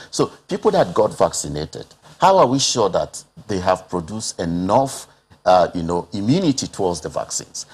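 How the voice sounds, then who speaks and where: A Nigerian man speaks as a health expert on a television panel, his voice low and husky. He presses his points with earnest rhetorical questions. He leans on "uh" fillers between his phrases. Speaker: public health expert guest. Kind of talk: TV panel discussion.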